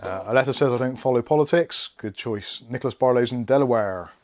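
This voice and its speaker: A man's voice: medium pitch, fairly quick, darkish tone. A man hosting a live PC build stream, chatting casually and reading out viewer comments while he works. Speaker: tech channel host.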